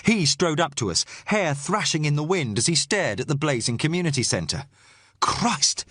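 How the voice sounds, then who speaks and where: A man narrating a thriller audiobook in the first person, measured and tense. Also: a little high, lively intonation, fairly bright tone, no room sound, clean studio sound.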